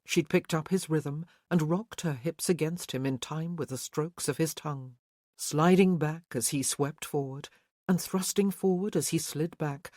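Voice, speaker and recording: An audiobook narrator giving a slow, even storytelling read of a romance novel. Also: mid-range voice, no echo, studio quality.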